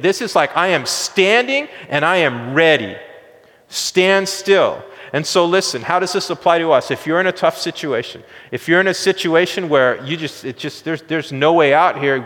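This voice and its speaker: A man preaching a sermon in an animated way, acting out quotes and chuckling at his own asides. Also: on the high side, moderate pace, long reverb tail. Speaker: pastor.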